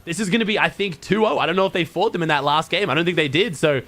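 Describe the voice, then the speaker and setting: An Australian man casting esports and chatting casually, quick and animated, swearing freely. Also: on the high side. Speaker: esports caster, host.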